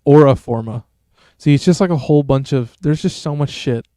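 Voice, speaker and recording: A man's voice: a little high, fairly quick, dark tone, dry recording, clean studio sound. A man streaming a game, chatting casually and rambling in a laid-back, slangy way. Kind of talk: casual gameplay commentary.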